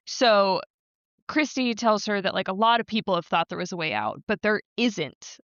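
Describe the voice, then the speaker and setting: A woman co-hosting a casual show recap, swearing freely and acting out characters in quick asides. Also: medium pitch, animated, a bit bright, dry recording. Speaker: podcast co-host. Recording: dull lo-fi sound.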